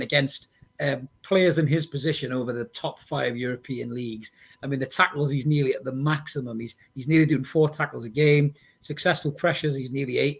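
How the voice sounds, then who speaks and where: A man's voice: medium pitch, fairly bright tone, breathy edge. A man hosting a casual football podcast, bantering bluntly with mild swearing and leading the discussion. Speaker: podcast host.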